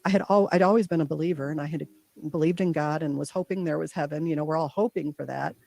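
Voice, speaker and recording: A woman guest earnestly recounting a deeply personal experience, acting out her own thoughts in quotes. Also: steady tone, quick pace, creaky, darkish tone, no room sound. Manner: earnest, heartfelt. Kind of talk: personal storytelling.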